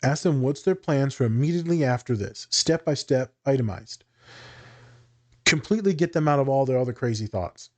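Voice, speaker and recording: A man in casual conversation who speaks like a working therapist reflecting aloud. His delivery is blunt and profane. The humor stays dry and understated, and his pitch sits in an ordinary middle range. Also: animated, moderate pace, darkish tone. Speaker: therapist and teacher. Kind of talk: casual podcast chat.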